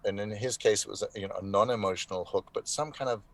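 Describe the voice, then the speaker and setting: A man, an actor being interviewed, telling animated anecdotes in casual conversation, often restarting his sentences. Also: lowish voice, fast, vocal fry.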